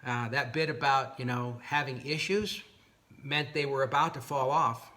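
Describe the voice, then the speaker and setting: A man's voice: mid-range voice, normal speed. A man telling a long story about a dispute over his boat motors, reenacting both sides of the talk and sounding fed up and incredulous. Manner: animated retelling with exasperated, incredulous asides. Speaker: boat owner recounting a dispute. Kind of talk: casual storytelling to camera.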